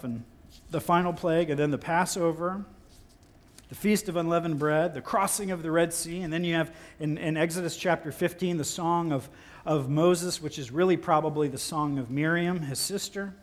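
A man preaching a sermon in a relaxed, conversational and playful way, breaking into exaggerated incredulous outbursts. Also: fairly high pitch, moderate pace. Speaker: pastor.

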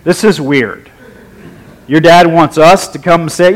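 A man's voice: on the high side, measured pace, low-quality recording. A man preaching a sermon, leading a prayer and telling personal stories in a wry, humorous, conversational way.

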